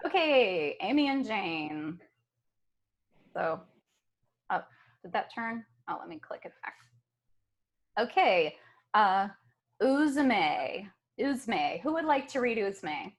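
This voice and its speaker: A woman's voice: mid-range voice, big pitch swings, slow, long pauses. A woman hosting an online card reading group, talking casually and laughing often. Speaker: host and card reader.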